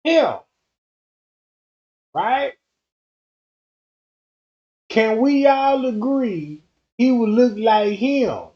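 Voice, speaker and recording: Man, streamer commentary, slangy and emphatic, drawn-out delivery, dull lo-fi sound. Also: very high voice, expressive. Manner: slangy, emphatic, repeats himself. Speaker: YouTube commentator.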